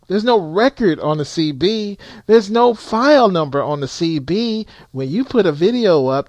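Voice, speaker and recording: A man's voice: fairly high pitch, a little mellow, dry recording. A man who drives trucks, giving blunt, profane advice to other drivers in an emphatic rant. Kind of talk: blunt ranting advice to viewers.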